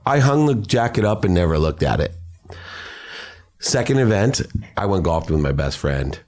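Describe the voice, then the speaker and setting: A man's voice: low-pitched, big pitch swings, moderate pace, darkish tone. A middle-aged man, a podcast guest, telling personal stories in an earnest, emotional way. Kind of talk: personal storytelling.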